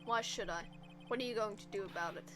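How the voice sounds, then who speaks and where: A woman's voice: mid-range voice, fast, sharp tone, faint music behind, lightly acted. A woman voicing a cool, arrogant young male prosecutor in a posh British accent, curt and condescending.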